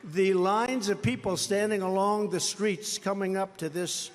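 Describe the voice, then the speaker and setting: A man's voice: high voice, steady tone, measured pace, very noisy. Older American man, boastful rally speech. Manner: boastful, mocking, repetitive. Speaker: political rally speaker. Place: large indoor rally venue. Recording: reverberant arena sound with faint crowd ambience.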